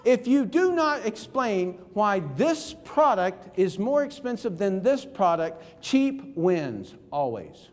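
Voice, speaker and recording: A man's voice: high voice, sing-song, slow pace, few pauses. A man giving a motivational seminar talk, emphatic and full of rhetorical questions to the audience. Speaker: keynote speaker. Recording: reverberant hall.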